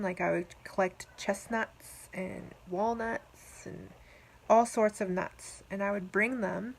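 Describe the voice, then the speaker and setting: A woman talking casually to her viewers in a rambling, gentle, affectionate diary vlog. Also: fairly low pitch, fairly even intonation, slow pace, creaky, rough recording. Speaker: vlogger.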